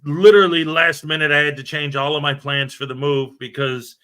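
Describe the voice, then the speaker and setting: A man's voice: fairly high pitch, little pitch movement, moderate pace, sharp tone. A man hosting a casual morning livestream, chatting and laughing as he greets viewers and reads their comments aloud. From United States. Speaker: livestream host. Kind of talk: casual live-stream chat.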